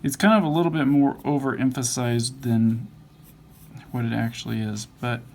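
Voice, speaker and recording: At a moderate pace and with fairly even intonation, a man of medium pitch teaches drawing. He mumbles to himself and thinks aloud, self-correcting as he sketches. Faint background noise sits under the recording.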